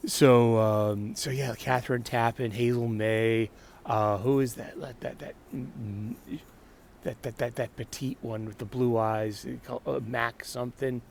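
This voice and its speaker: A man's voice: medium pitch, fairly even intonation, measured pace, creaky, slight background noise. A man hosting a casual solo talk show, rambling with frequent restarts and laughter. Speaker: podcast host.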